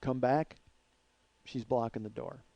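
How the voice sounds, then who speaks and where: A man's voice: mid-range voice, steady tone, a little slow, vocal fry, dark tone, no room sound. A man in his forties hosting a comedy podcast, telling a story with plenty of swearing and "uh"s. His voice sits in an ordinary middle register. It's recorded close and dry, with no room sound at all. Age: 40s. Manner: profane, rambling, with filler words.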